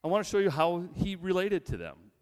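A male pastor preaches in a church, emphatically building long lists and posing rhetorical questions to the congregation. His high voice has big pitch swings and a brisk, clean tone, with long reverb from a large hall.

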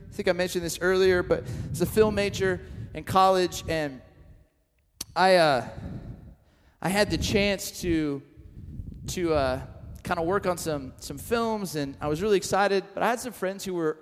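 A middle-aged pastor delivers his sermon in a notably high voice, carrying the listener through a story with animated energy. He keeps tossing in asides that poke fun at himself. His words ring out with a long reverb off the walls of a large hall. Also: moderate pace, slight background noise.

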